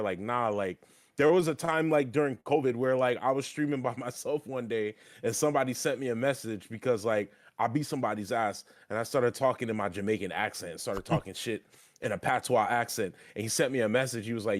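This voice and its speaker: A man's voice: mid-range voice, a little fast. A young man streaming and chatting casually, talking loosely with lots of filler "like" and plenty of swearing. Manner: loose, profane, heavy on filler "like". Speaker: streamer and wrestling trainee.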